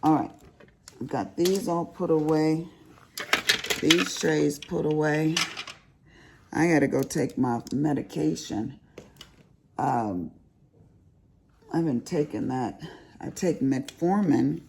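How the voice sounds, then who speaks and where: A woman's voice: low-pitched, slow pace, gravelly, pauses often, noisy background. An older woman, chatting casually and teasingly to viewers while she crafts. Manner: chatty, folksy, teasing, addresses viewers as y'all and honey. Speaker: crafting vlogger.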